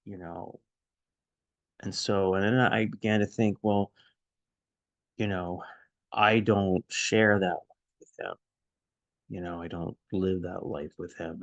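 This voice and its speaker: A man casually recalling a friendship, quiet and reflective, halting with many restarts and fillers, audibly emotional. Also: deep voice, gravelly, no room sound. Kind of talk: casual personal storytelling.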